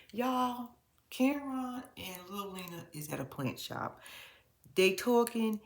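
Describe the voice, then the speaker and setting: A woman giving a blunt, profane, animated recap of a reality show, talking straight to her viewers in a casual vlog. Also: medium pitch, echoey room. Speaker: reality TV commentator.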